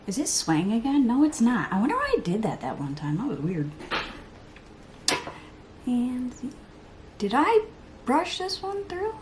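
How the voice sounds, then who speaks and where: A woman's voice: on the high side, wildly swooping pitch, measured pace, long pauses, a little mellow, slight background noise. A woman in her thirties chatting while doing her makeup at home, rambling and poking fun at herself, sometimes muttering or whispering asides. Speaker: beauty vlogger. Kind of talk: chatty get-ready-with-me makeup vlog.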